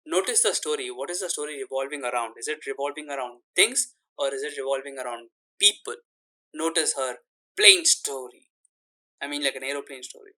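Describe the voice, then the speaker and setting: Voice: mid-range voice, a little fast, sharp tone, poor audio. A channel host giving casual, emphatic commentary on an interview clip, correcting numbers as they go. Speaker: channel host analyzing clips.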